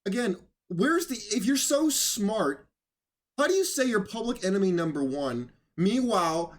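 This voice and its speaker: A man hosting casual political commentary, sarcastic and rambling, who mocks others by putting on voices. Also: high-pitched. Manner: rambling, with restarts.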